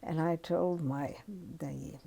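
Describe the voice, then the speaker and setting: An older woman telling anecdotes in an oral history interview, lively and given to dropping into hushed asides. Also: low-pitched, slow, vocal fry. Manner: anecdotal, lively, drops to a near-whisper on asides. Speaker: interviewee recounting her career as a journalist.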